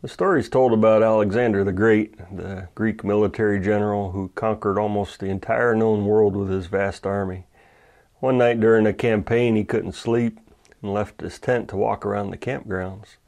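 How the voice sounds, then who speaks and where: A male pastor giving a measured, earnest Bible teaching, stressing key words. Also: on the low side, darkish tone.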